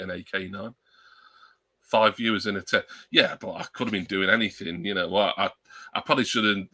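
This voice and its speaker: A man's voice: on the low side, bright, forceful tone, dry recording. A man chatting casually on a live stream through a new external desk mic at his laptop, rambling and joking at his own expense. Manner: rambling, self-deprecating, joking.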